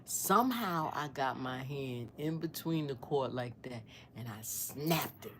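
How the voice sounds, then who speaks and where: A woman in her sixties telling a personal story on her channel, earnest and devout, rambling as she searches for words and sometimes dropping to a hushed near-whisper. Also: rumbling low, lively intonation, a little slow, a little hiss or hum. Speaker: storyteller vlogger.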